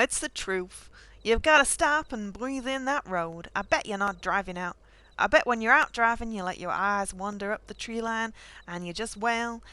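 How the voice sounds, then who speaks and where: A woman with a medium-pitched, sharp-toned voice reads game dialogue aloud as a weary older male gas station attendant. She puts on a rural truck stop accent and delivers the lines in a folksy, unhurried way.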